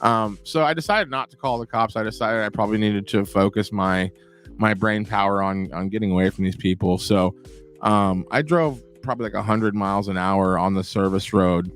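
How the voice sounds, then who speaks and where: Low-ish guy rambling thru a story on his show, animated and cussing, little music in back. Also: normal speed. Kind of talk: casual storytelling monologue.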